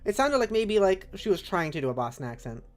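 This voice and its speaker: A woman's voice: medium pitch, very animated, fast talker. A woman from New England chatting casually while playing a game on stream, talking in a rambling way full of fillers. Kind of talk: casual let's-play chat.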